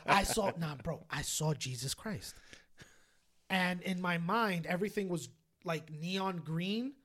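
A young man co-hosting a podcast, telling a story in casual chat, animated and swearing, often laughing. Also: sits high, slow pace. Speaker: podcast co-host.

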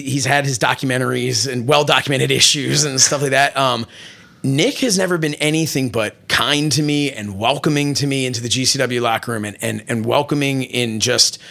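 A man's voice: medium pitch, creaky. A man in a casual interview, telling long rambling stories with lots of restarts and fillers. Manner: rambling, many restarts and fillers, animated retelling. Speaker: wrestling interviewer and programming director.

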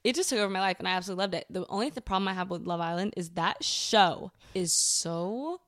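A young woman chats as a podcast co-host, playful and animated and quick to laugh. Her voice sits mid-range, recorded dry and close. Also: mid-range voice, dry recording. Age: young adult. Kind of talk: casual chat.

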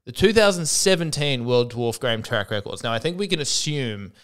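A man talks alone into his home podcast microphone, wandering from thought to thought with wry asides and many restarts. His voice is smooth and clear at an ordinary middle pitch. He keeps an easy, chatty comic tone. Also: expressive, normal speed, fairly bright tone. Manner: rambling, self-interrupting, wry asides. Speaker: podcast host. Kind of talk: solo comedic podcast monologue.

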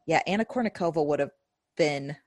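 A woman's voice: deep voice, brisk, a little mellow, no echo. Wry woman co-hosting a podcast. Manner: wry, joking asides, swears casually. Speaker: podcast co-host. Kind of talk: casual chat.

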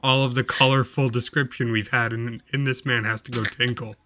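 Bright-voiced joking man. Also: medium pitch, level tone, brisk. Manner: joking, teasing interjections. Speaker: podcast co-host. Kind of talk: casual chat.

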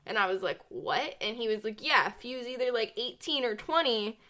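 A woman's voice: fairly high pitch, a little fast. Young woman telling a story animatedly. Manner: animated storytelling, lots of "like", laughs often. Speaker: podcast co-host. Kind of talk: casual chat.

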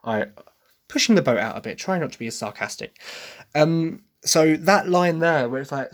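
A man's voice: a little high, expressive, normal speed. An English man hosting a podcast, talking through his opinions in a casual, hesitant way with many restarts. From England. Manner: chatty, hesitant, breaks into sung impressions. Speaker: podcast host reviewing a musical. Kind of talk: casual solo commentary.

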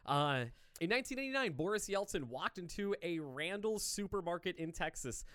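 A man's voice: high voice, animated, normal speed, fairly bright tone, dry recording, clean studio sound. Joking, foul-mouthed male podcast host. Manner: loose, joking, swears freely. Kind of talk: casual chat.

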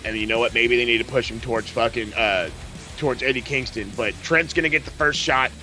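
A man's voice: mid-range voice, a little fast, sharp tone, soft background music. A man hosting a podcast, recapping wrestling in casual, profane, rambling chat. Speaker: podcast host.

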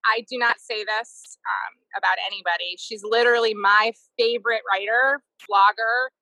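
A woman co-hosts a podcast in a loud, eager way, her voice bright and forceful. She talks casually and warmly, full of fillers, and sits a little high for a woman. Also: steady tone, moderate pace, gravelly, no room sound, poor audio. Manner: loud, enthusiastic, chatty with many fillers. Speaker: podcast co-host.

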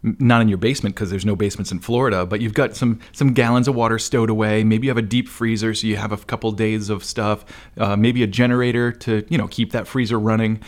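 A man's voice: on the low side, fairly even intonation, quick pace, few pauses. A male podcast host chatting casually with a guest, laughing easily and rambling loosely. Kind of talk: casual interview chat.

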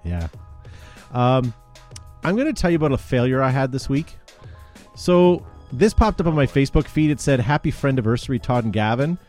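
A man's voice: medium pitch, expressive, normal speed, a little mellow, faint music behind. A man hosting a casual paintball podcast, reading out event announcements in a chatty way with frequent fillers and laughs. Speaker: podcast host.

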